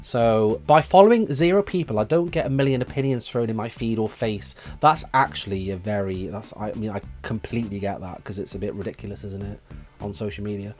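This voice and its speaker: A chatty young man hosts a relaxed live stream from his room at home. He reads viewers' messages aloud and muses about them in an easygoing way. Faint music plays quietly behind his voice. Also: lowish voice, brisk. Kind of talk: casual live stream chat reading comments.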